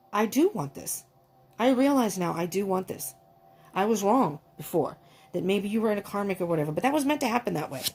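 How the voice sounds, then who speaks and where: A woman doing a tarot reading, talking in a gushing, excitable way, often breaking off with exclamations and restarting her sentences. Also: medium pitch. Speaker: tarot reader.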